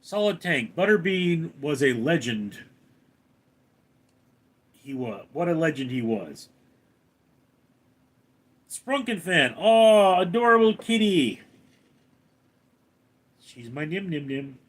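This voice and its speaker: A man's voice: sing-song, slow pace, pauses often, slightly rough. A man live streaming from home, reading viewer names aloud and answering them in a casual chat. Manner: reads viewer names out loud, then answers in a lower voice.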